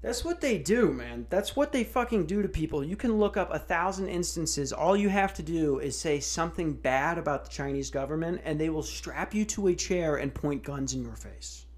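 A man's voice: on the high side, expressive, moderate pace, hardly any pauses. A man hosting a podcast, ranting in a casual, sarcastic way with lots of swearing and restarts. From United States. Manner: profane, sarcastic, rambling with restarts. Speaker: podcast host. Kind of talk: casual comedic rant.

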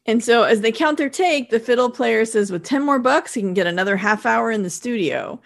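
A woman co-hosting a podcast, recapping a TV episode in relaxed, chatty storytelling. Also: fairly high pitch, brisk, vocal fry. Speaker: podcast co-host. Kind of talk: casual chat recapping a TV episode.

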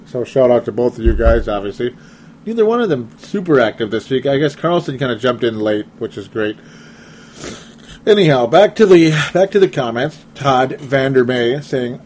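A chatty man hosts a casual sports talk podcast in a voice of middling pitch. He reads listener comments aloud, laughs often and pokes fun at himself. A faint hiss of noise sits under the recording. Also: animated, normal speed, darkish tone.

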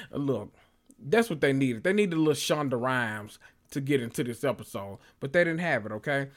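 A man recapping a TV episode in a sassy, animated and profane casual reaction. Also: medium pitch, a little fast. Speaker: recap vlogger.

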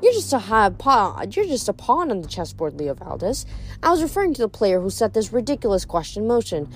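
A woman's voice: mid-range voice, sing-song, a little fast, soft background music. A woman reading aloud, voicing a scornful, cackling goddess of revenge. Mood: haughty. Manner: sneering, haughty.

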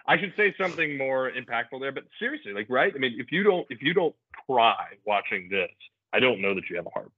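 A man's voice: mid-range voice, sing-song, fast talker, breathy edge, dry recording. A man co-hosting a podcast, talking in an earnest, emotional way with lots of restarts. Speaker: podcast co-host. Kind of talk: casual chat. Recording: tinny phone-like audio.

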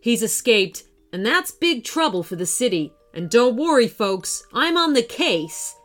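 Slow, deadpan ninja cop hero, played by a woman storyteller. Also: fairly high pitch. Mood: serious. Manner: slow, deadpan, deadly serious. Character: calm serious male ninja police officer.

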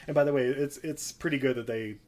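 A man's voice: medium pitch, fast, darkish tone. A man co-hosting a podcast, recapping a movie in a casual, rambling way with frequent laughter. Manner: chatty, laughs often, rambling asides. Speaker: podcast co-host.

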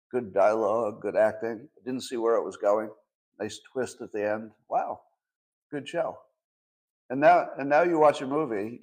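A man's voice: medium pitch, a little mellow. A man in his sixties hosting his own show, talking casually and sarcastically in rhetorical questions. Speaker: host. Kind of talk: casual solo commentary.

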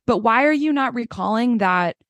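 A woman's voice: a little high, animated, normal speed, fairly bright tone, dry recording. A woman co-hosting a casual podcast, recapping a reality show in a blunt, opinionated way and swearing freely. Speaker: podcast co-host.

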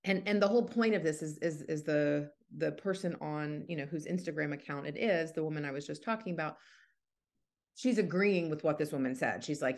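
A woman's voice: deep voice, fairly quick. A woman hosting a podcast, talking things through in a thoughtful, unscripted way with frequent restarts. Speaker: podcast host. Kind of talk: casual podcast monologue.

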